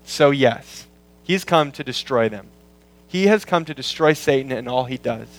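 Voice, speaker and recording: A pastor working through a scripture passage in a sermon, explaining word meanings and repeating key lines for emphasis. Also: male voice, medium pitch, animated, low-quality recording. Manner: quotes scripture in slowed, weighty tones. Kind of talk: expository sermon.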